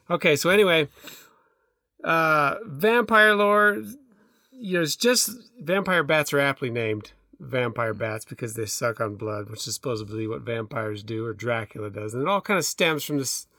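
A man's voice: medium pitch, lively intonation, normal speed, sharp tone, dry recording, studio quality. A middle-aged man co-hosting a casual chat, rambling and hesitant, with many restarts and fillers. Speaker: podcast co-host.

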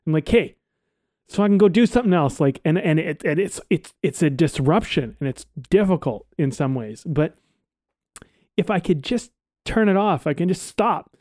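A man co-hosting a casual podcast, rambling and relaxed, swearing now and then. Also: a little high, moderate pace, no echo, studio quality. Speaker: podcast co-host.

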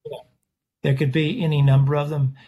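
A man's voice: a little high, normal speed, mellow, breathy edge. A man, a portrait artist, chatting casually in an interview and rambling through stories with frequent restarts. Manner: rambling, self-correcting storyteller.

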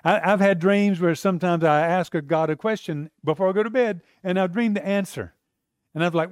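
A man preaches in a relaxed, conversational style, stumbling into restarts and slipping into the voices of the people in his story. His voice sits a little high for a man. The recording is dry and close, with no room echo. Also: fairly quick. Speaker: pastor. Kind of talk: sermon.

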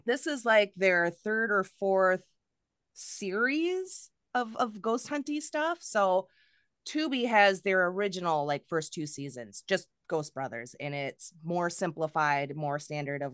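A woman's voice: lowish voice, expressive, a little slow, a bit bright, clean tone, no room sound, studio quality. A woman hosting a podcast in casual chat, candid and a little profane, laughing often as she talks. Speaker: podcast host.

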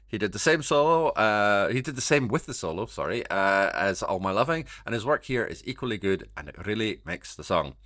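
Guy on a podcast, bouncy animated voice, low-ish, dry close sound. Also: brisk, few pauses, no room sound. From Scotland. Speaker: podcast co-host. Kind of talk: casual podcast chat, reading listener email.

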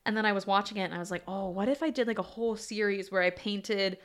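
A woman co-hosting a casual movie podcast, animated and quick to laugh as she acts out scenes. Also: medium pitch. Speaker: podcast co-host.

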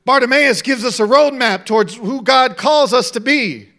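Male pastor, middle-aged, preaching; high, ringing voice that drops low and climbs to shouts. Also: normal speed. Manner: preaching, swings from quiet to shouting. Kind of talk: sermon.

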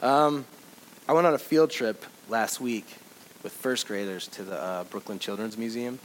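A pastor giving a sermon, shifting from loud urging to quiet, conversational reflection. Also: male voice, on the low side, moderate pace, slight background noise, low-quality recording. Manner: swings from loud exhortation to soft reflection; conversational storytelling with fillers.

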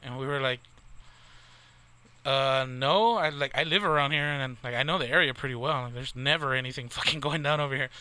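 A man's voice: medium pitch, brisk, sharp tone, slight background noise. A man in his thirties from near the Texas border, telling a rambling, profane story in casual chat with lots of fillers. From Texas, near the Mexican border.

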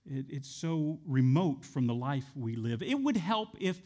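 Male pastor, sermon delivery, high lively voice. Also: a little slow. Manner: animated, repeats lines with shifting emphasis.

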